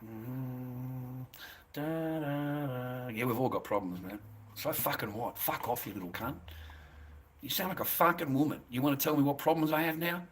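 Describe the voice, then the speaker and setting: A man's voice: mid-range voice, moderate pace, fairly bright tone, a little hiss or hum. Foul-mouthed Australian man ranting. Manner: combative, swearing, taunting. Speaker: livestreamer answering chat. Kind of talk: profane livestream rant.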